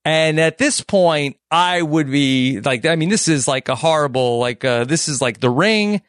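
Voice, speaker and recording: A man's voice: on the high side, unhurried, a bit bright, clean tone, no room sound, clean studio sound. A man co-hosting a podcast, casually recapping a movie and acting out the characters' lines as he goes. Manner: storytelling, acts out characters' lines. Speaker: podcast co-host.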